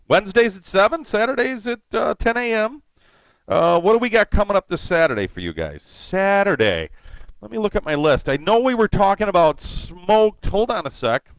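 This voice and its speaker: A middle-aged man hosts a live cooking stream in a lively, bouncing voice that sits a touch high for a man. He rambles casually, fills pauses with ums, and greets viewers as they drop in. The sound is close and dry, with little room around it. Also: clear, resonant tone, no echo, rough recording.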